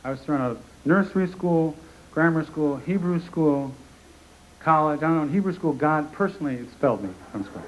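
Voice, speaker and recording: Sardonic stand-up comedian on a live stage. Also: male voice, a little high, highs cut off. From Connecticut, US. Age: 40s. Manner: sardonic, rapid-fire, lots of asides. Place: theater stage in front of a live audience. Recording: live concert recording with audience noise.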